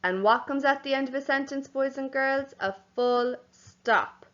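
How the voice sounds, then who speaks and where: A young woman, a primary school teacher, gives a home learning lesson to young children at an easy, unhurried pace, spelling each word out letter by letter. Her voice is fairly high, and the recording sounds a bit dull and lo-fi. She speaks slowly and clearly, gently calling them boys and girls.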